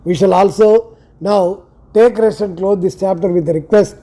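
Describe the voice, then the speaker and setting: A man with an Indian English accent reading a devotional scripture aloud in a slow, measured, reverent way with pauses. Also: sits high, warm tone. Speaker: scripture reader.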